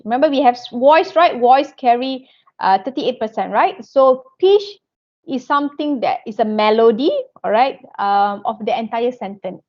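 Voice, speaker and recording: A woman giving an online lecture, checking in with "okay" and "all right" all the time and often restarting her sentences. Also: high voice. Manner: non-native phrasing, frequent restarts. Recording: dull lo-fi audio.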